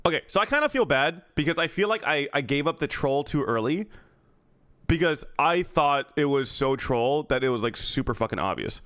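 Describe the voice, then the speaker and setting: A man chats on stream in a loose, swearing manner, breaking off to thank a viewer. His voice sits a bit high for a man, recorded close and dry. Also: very animated, moderate pace, fairly bright tone, no room sound. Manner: casual, swearing, reads chat. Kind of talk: casual stream chat.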